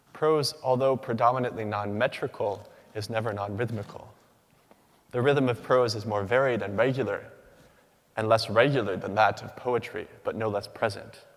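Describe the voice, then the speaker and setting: A young man delivers a prepared academic lecture in a fairly low voice, pacing his words in measured, rhythmic phrases. His voice carries the long reverb of a large lecture hall. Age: young adult. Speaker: PhD candidate giving a symposium talk.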